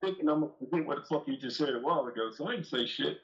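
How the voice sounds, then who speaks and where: A man's voice: on the high side, racing, fairly bright tone, muffled recording. A man telling a long, profane, rambling story on a live call-in show. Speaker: guest dog breeder.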